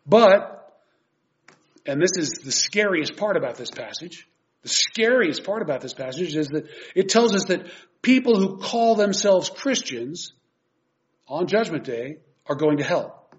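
A man's voice: a little high, lively intonation, a little slow. A man preaching a sermon earnestly and emphatically, reading scripture aloud and explaining it. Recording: dull lo-fi recording.

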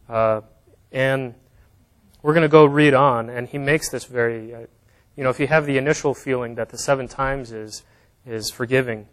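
A man's voice: mid-range voice, fairly even intonation, normal speed. Man giving a casual sermon. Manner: conversational, with fillers and plain examples. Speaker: preacher. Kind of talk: informal sermon with scripture reading.

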